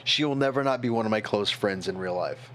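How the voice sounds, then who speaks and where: A man's voice: on the low side, brisk, a bit bright, slight background noise. A tipsy man streaming, rambling in casual chat and talking to his chat moderators.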